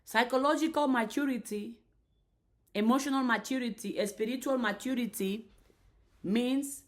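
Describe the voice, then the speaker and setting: High-voiced woman preaching emphatically. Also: normal speed. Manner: emphatic, repetitive, with restarts. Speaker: faith and mindset creator. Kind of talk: preachy motivational talk on a live stream.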